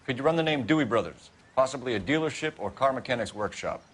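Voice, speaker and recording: A man's voice: medium pitch, lively intonation, fast, slight background noise, close to an everyday voice. An actor voicing an earnest young male police detective in a video game, clipped and matter-of-fact. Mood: businesslike.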